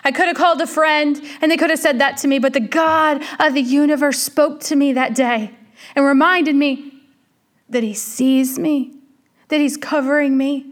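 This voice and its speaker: A woman's voice: sits high, steady tone, moderate pace. A woman preaching a sermon, speaking earnestly to the listener as a friend and repeating her points.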